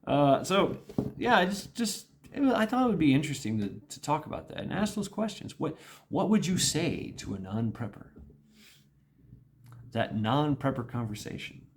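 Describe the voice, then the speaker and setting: A man's voice: on the high side, very animated, normal speed, a little hiss or hum. A middle-aged man talking through a casual monologue vlog, rambling and repeating himself, with small laughs. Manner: rambling, repetitive, with laughs and mimicked quotes. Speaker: vlogger.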